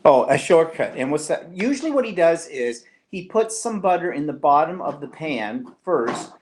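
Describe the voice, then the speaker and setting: A man's voice: on the high side, big pitch swings, normal speed. Chatty man hosting live. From Canada. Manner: chatty and teasing, reads viewer comments aloud. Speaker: co-host of a live online show. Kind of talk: casual live-stream chat.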